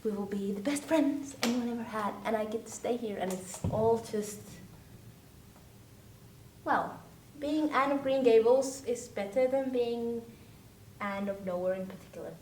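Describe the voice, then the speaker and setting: A woman's voice: a little slow, darkish tone, natural voice. A young woman acting as an earnest teenage orphan girl, telling her story to a friend in a rambling, hesitant vlog style. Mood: animated. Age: teens. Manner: rambling, hesitant, full of restarts and fillers. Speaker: actor in a vlog-style web series. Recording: roomy sound from a distant mic, faint rumble.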